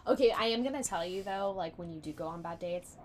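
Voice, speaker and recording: A woman's voice: fairly low pitch, fast, a little mellow, a little hiss or hum. A young woman from San Diego, a podcast guest, talking in a chatty, opinionated way and laughing often. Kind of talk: casual chat.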